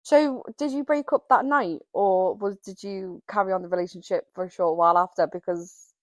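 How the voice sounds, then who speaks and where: A woman's voice: mid-range voice, steady tone, normal speed, dry recording. A woman co-hosting a podcast, chatting casually and rambling through her opinions with restarts. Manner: rambling, self-correcting opinions. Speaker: podcast co-host. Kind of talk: casual chat.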